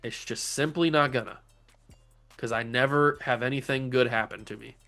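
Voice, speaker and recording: A man's voice: medium pitch, moderate pace, gravelly, bright, forceful tone, soft background music. A young man hosting a gaming channel, giving casual commentary on a football video game with melodramatic, exasperated rants. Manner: melodramatic, ranting, exasperated outbursts.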